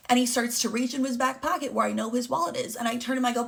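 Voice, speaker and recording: A young woman talks quickly through a personal story, with a strong gravelly fry running through her voice. She is candid and rambling and full of fillers. She sounds like a casual vlogger speaking straight to her audience. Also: on the high side, steady tone. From Chicago area.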